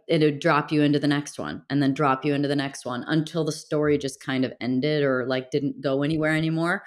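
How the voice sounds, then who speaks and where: A woman guest speaking candidly and reflectively in a casual interview, with many fillers and restarts. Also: low-pitched. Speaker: podcast guest.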